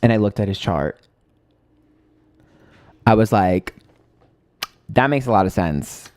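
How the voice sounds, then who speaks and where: A man's voice: fairly low pitch, expressive, slow pace, darkish tone, dry recording. A man hosting a casual livestream, telling a long personal story in a chatty way, swearing freely and greeting viewers. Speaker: livestream host.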